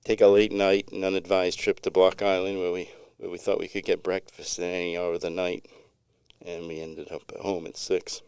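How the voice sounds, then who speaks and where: A man's voice: deep voice, little pitch movement, normal speed, darkish tone, clean tone, dry recording, studio quality. A middle-aged man co-hosting a podcast, telling a long story in a rambling, laid-back way with many restarts. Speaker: podcast co-host. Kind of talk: casual storytelling chat.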